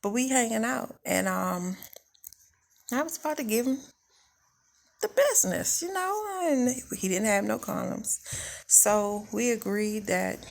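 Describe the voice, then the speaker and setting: A woman's voice: a little high, sing-song, unhurried, gravelly, long pauses. A young adult woman telling her own life story in a blunt, candid, conversational way. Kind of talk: casual first-person life story.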